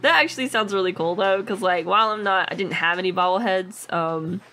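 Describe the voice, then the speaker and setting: A woman's voice: medium pitch, a little fast, pushed and bright. A tired woman co-hosting a game let's play, teasing and laughing often as she comments. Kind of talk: casual gameplay commentary.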